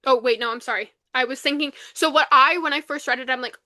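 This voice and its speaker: A young woman co-hosting a podcast, recapping a novel in casual chat, animated and full of fillers, acting out the lines she quotes. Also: high-pitched, fast talker, hardly any pauses, no room sound. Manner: animated retelling, acts out quotes, many fillers. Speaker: podcast co-host. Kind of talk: casual book review chat.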